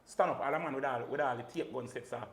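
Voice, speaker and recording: A man's voice: medium pitch, fast, reverberant. A man with a Jamaican accent, a guest on a casual podcast, speaking emphatically and telling stories animatedly in patois. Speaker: guest, sound system selector.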